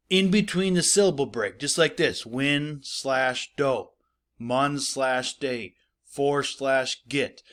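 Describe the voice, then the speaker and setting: A man's voice: a little high, a bit bright. A man teaching a recorded spelling lesson to schoolchildren, explaining patiently, repeating points and checking in with "right?".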